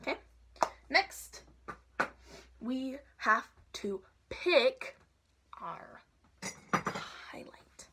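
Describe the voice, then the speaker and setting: A woman's voice: medium pitch, a little slow, background noise. Chatty young woman doing a makeup tutorial. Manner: chatty and playful, drifts into soft asides. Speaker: makeup vlogger. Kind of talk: casual makeup tutorial chat.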